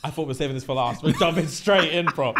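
A young man, co-hosting a podcast and recounting a reality show with lively slang-heavy storytelling. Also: fairly high pitch, quick pace, over loud music. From England. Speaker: podcast co-host. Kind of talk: casual chat.

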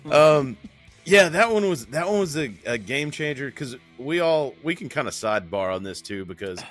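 A man's voice: mid-range voice, a bit bright. A man co-hosting a casual podcast chat, his voice rising and falling a lot as he tells stories. He laughs often and swears freely, and faint music sits behind him. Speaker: podcast co-host.

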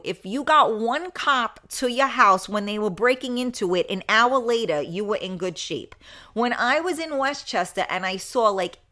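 A woman with a bright, forward voice hosts a live talk show on her own. She tells a story in a chatty, blunt, unfiltered way, swearing freely and laughing often. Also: fairly high pitch.

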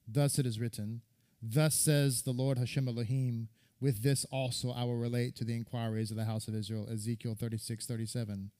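A man's voice: medium pitch, level tone, a little fast, dark tone. A man, a rabbi, giving a sermon that retells a midrash, reading and quoting scripture and repeating words for stress.

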